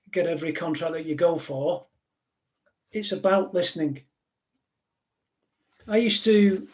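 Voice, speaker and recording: Speaking in a fairly high voice, a man who once worked as a police negotiator addresses a live crowd in a straightforward, chatty style, telling one story after another.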